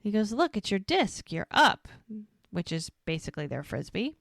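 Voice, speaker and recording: A woman's voice: mid-range voice, big pitch swings, vocal fry, fairly bright tone, no echo. A woman co-hosting a podcast, recapping a TV episode in a casual, chatty way and quoting the characters' lines as she goes. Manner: retells scenes, acting out the lines in quick quotes. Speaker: podcast co-host.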